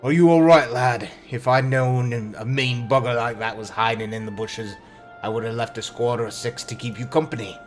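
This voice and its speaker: A man's voice: mid-range voice, fairly even intonation, normal speed, natural voice. A man voicing a hearty, blunt pirate captain in a mock Irish-British brogue, with faint game music behind.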